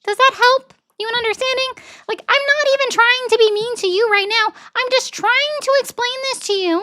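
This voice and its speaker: Woman putting on a squeaky childlike voice. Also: a little fast, sharp tone, no echo, studio quality. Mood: mock-patient. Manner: exaggerated, sing-song, over-explaining. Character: squeaky childlike high-pitched cartoonish voice.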